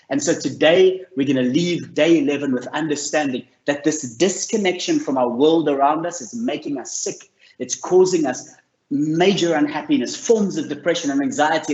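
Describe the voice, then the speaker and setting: A man with a fairly high voice talks earnestly and encouragingly, telling a personal story as part of a mental health lesson. The sound is roomy, with a somewhat muffled, lo-fi quality. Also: darkish tone. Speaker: mental health course presenter. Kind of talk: motivational talk to camera. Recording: roomy, slightly dull sound.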